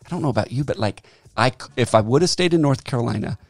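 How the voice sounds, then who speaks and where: Gravelly-voiced pastor telling a story. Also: male voice, medium pitch, quick pace, dry recording. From Southern California. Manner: animated storyteller, acts out quoted voices, laughs often. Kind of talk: casual podcast interview.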